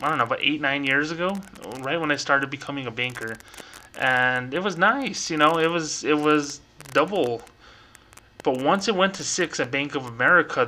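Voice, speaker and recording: A man's voice: mid-range voice, pushed and bright, rough recording. A young man hosting a casual solo podcast from a room at home, talking in a chatty, rambling way with many fillers. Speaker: podcast host.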